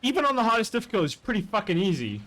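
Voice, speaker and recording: A man chatting casually while gaming, animated and swearing freely. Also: high voice, very fast. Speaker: streamer playing a game.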